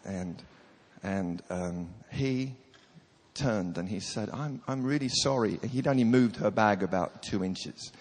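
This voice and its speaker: A man's voice: deep voice, slow pace, darkish tone. Brief: male preacher, has a cold, joking and chatty, long hall reverb. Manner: self-deprecating, chatty, dry humor. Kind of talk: humorous sermon storytelling. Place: large hall with audience.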